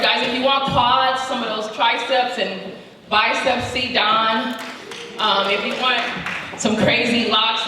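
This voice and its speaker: A woman's voice: fairly high pitch, a bit bright, slight background noise. A woman from South Central Los Angeles giving a playful, chatty motivational talk to a live audience, telling stories and calling out to the crowd. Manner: chatty, playful storytelling with audience call-outs. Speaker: motivational speaker. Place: event hall with audience. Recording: echoey hall, distant mic.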